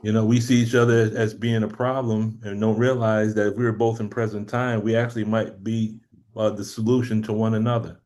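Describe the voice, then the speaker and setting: Deep-ish guy running the group talk, lots of mm-hmms, jokey. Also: flat delivery, brisk, darkish tone. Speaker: discussion moderator. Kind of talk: casual group discussion.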